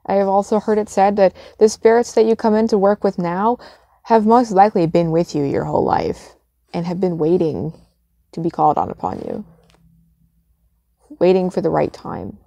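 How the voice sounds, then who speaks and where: A young adult woman talks straight to the camera in a casual vlog, blunt and emphatic, with plenty of swearing. Her voice sits on the low side. The sound is dry, with no room echo. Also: animated, moderate pace, vocal fry, dark tone. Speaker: witchcraft vlogger. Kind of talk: casual spoken advice.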